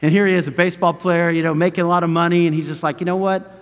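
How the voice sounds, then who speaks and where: A man's voice: a little high, little pitch movement, racing. A middle-aged man preaching a sermon as a pastor, talking in an earnest, conversational way with storytelling asides. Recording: long hall reverb with faint music.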